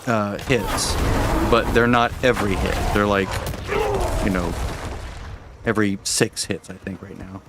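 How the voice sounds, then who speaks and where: A man's voice: fairly low pitch, steady tone, unhurried, long pauses, heavy background noise. A man giving casual commentary while he plays a game, muttering to himself and then explaining things to his viewers. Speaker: gamer streamer.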